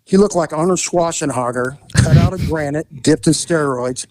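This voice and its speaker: A man's voice: fairly high pitch, normal speed, dry recording. Laughing, swearing male storyteller, dry sound. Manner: animated, laughs often, swears freely. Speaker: podcast host telling a crime story. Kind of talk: casual storytelling.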